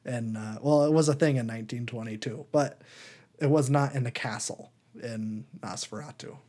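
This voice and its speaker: A man's voice: normal speed, warm tone. Rambling young man chatting about movies. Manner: rambling, lots of fillers, acts out silly quotes in a high voice. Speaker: podcast co-host. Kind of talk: casual movie review chat.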